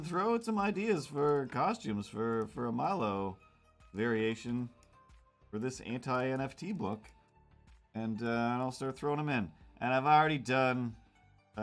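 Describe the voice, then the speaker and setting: A man hosting a casual drawing livestream, rambling and self-mocking as he chats with viewers. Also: on the low side. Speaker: cartoonist streamer.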